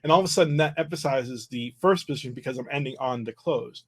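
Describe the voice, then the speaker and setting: A man explaining flute technique in a relaxed livestream lesson, often restarting and filling pauses. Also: medium pitch, over loud music. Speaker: flute teacher.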